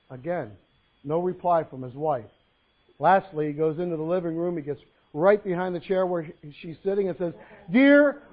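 A man preaching a sermon, telling folksy jokes between Bible readings. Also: high voice. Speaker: pastor. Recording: phone-like narrow sound.

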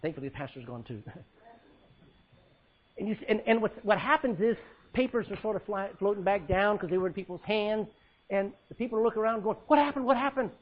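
A male pastor preaching a sermon, swinging between loud cries and hushed words as he quotes scripture in old-fashioned style. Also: high-pitched, expressive, a little fast, long pauses, lo-fi sound.

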